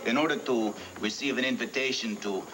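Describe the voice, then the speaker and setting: An actor playing a sly, smooth-talking man who brokers bride auctions, in a 1980s TV soap. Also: mid-range voice, fairly quick, natural voice, rough recording. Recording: TV soundtrack with music underneath.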